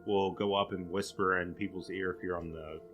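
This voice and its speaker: A man's voice: sits low, little pitch movement, fairly quick, lo-fi sound, over music. A man hosting a podcast, casually walking through researched material with a co-host.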